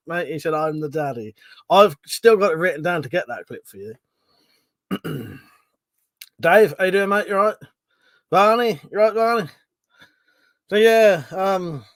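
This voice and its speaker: A man hosting a relaxed livestream, his voice sitting a touch high for a man. He rambles, swears freely and laughs often. The sound is dry and close. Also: no room sound. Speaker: livestream host. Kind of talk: casual live-stream chat.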